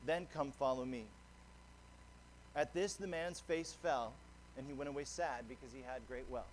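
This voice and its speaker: A man's voice: medium pitch, moderate pace, a little hiss or hum. A man preaching a sermon as pastor, earnest and conversational, often restarting a phrase. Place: church sanctuary.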